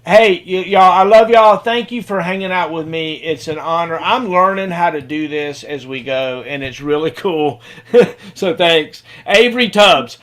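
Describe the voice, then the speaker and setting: High-voiced man hosting a video call. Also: unhurried. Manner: rambling, repeats words, warm thanks. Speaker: host of a video-call hangout. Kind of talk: casual video-call chat.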